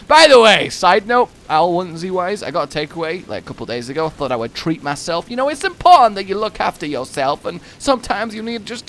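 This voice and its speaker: A man in his twenties, chatting over gameplay and telling a funny story with excitable outbursts. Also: a little high, slight background noise. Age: 20s. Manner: excitable anecdote-telling, bursts into loud exclamations. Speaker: gaming YouTuber.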